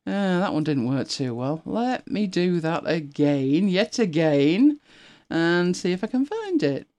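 A woman's voice: fairly low pitch, big pitch swings, a little slow, darkish tone. A middle-aged woman hosting a casual live stream, chatting and laughing with viewers and greeting them by name.

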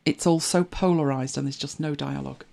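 A middle-aged English speaker chatting in an easy, reflective way, breaking into small laughs and side comments. The voice sits at a middling pitch and keeps a conversational flow. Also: steady tone, fairly quick, gravelly, a little mellow. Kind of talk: casual chat.

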